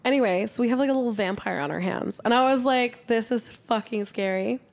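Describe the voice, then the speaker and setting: A woman's voice: fairly high pitch, brisk, gravelly. A young woman co-hosting a podcast, telling a story with lots of "like" fillers and frequent swearing. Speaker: podcast co-host. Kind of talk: casual podcast chat. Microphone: studio podcast mic.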